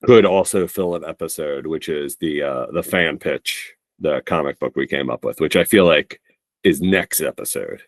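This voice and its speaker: A man's voice: very deep voice, normal speed, no echo. A man co-hosting a podcast in playful, rambling casual chat, laughing often. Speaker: podcast co-host.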